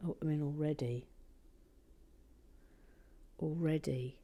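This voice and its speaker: A woman's voice: on the low side, animated, takes it slowly, warm tone. A woman hosting a Lego build vlog, chatting casually and muttering or whispering to herself as she concentrates.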